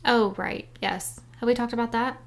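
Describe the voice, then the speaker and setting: A woman co-hosting a casual chat podcast, asking questions and gently teasing her friend. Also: on the high side, fairly even intonation, moderate pace. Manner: supportive, asks questions, teasing. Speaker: podcast co-host.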